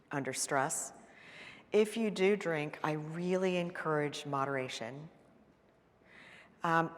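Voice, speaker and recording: Woman therapist presenting a seminar, lower-pitched voice, earnest and conversational, long hall echo. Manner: earnest, emphatic, conversational with frequent fillers. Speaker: therapist giving a seminar talk.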